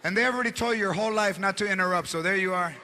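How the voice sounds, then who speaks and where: High, gravelly comedian. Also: male voice, very fast. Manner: animated storytelling that switches into Spanish phrases. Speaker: stand-up comedian. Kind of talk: stand-up comedy set. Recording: live club, crowd laughter and noise.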